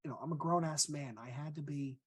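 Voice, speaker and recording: A man's voice: fairly high pitch, steady tone, a little fast, slightly rough. A man in his forties, a podcast co-host and agile coach, telling stories in a candid, self-mocking way in casual chat. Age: 40s.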